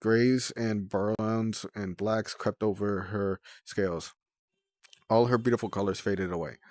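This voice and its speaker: A man's voice: on the low side, steady tone, a little slow, darkish tone, no echo. A man reading a novel aloud on a livestream, in a plain way with small slips and self-corrections.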